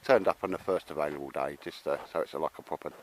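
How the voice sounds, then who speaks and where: A man's voice: very deep voice, quick pace, background noise. An older man chatting casually to camera at an outdoor campsite, rambling and laughing, calling everyone mate. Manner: matey, laughing, rambling with fillers. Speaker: vlogger. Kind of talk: casual chat.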